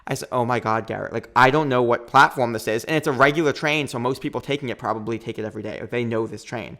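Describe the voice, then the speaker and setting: Appearing as a podcast guest, this thirty-something man has a mid-range voice. In a casual interview he races through a lengthy story with lively energy, performing the quotes of the people involved.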